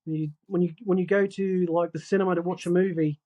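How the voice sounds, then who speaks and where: A man's voice: high voice, steady tone, brisk, dark tone, highs cut off. A man chatting as a podcast guest, joking and slipping into put-on voices as he talks. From Scotland. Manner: jokey, puts on voices. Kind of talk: casual chat.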